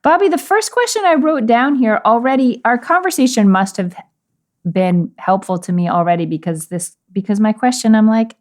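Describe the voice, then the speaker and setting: A woman's voice: on the high side, normal speed. A woman co-hosting a casual Bible-study podcast, thinking aloud as she goes. She muses through questions and laughs easily between thoughts. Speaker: podcast co-host. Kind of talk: casual discussion of a Bible passage.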